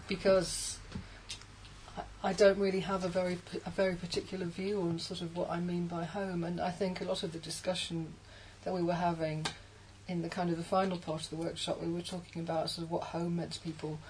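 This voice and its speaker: A woman's voice: fairly low pitch, level tone, a little fast, darkish tone, slight background noise, rough recording. A woman, a poet chatting casually on a panel, self-interrupting and laughing easily. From Birmingham, England.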